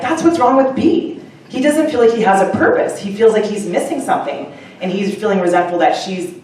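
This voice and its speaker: A woman with a fairly low voice tells a live audience, in a chatty and animated way, about her short story, with plenty of fillers and asides. She is heard from some way off the mic in a very echoey upstairs room, with faint ambience behind her. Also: far from the mic, slight background noise. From Canada. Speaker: short story author at a book launch.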